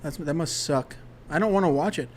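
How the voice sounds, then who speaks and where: This man's voice is fairly high with a darkish tone, moving a little fast as he hosts a one-man comedy podcast. He rambles, swears, and keeps cutting off his own ideas.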